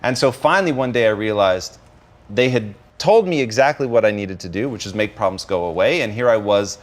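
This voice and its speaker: A man's voice: on the low side, animated, brisk. A man hosting an interview who talks in a reflective way, thinking aloud and telling a personal story. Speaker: host and company owner. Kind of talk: conversational interview.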